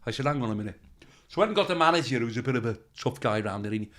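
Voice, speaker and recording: A man's voice: mid-range voice, animated, very fast, fairly bright tone. A male comedian telling rambling anecdotes as a podcast guest, swearing freely. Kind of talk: storytelling in a podcast interview.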